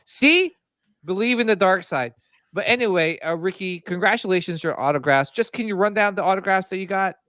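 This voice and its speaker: Man, podcast host, fairly high voice, dry close sound, animated casual chat. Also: a little fast, dry recording. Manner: animated, laughs and puts on voices while telling stories.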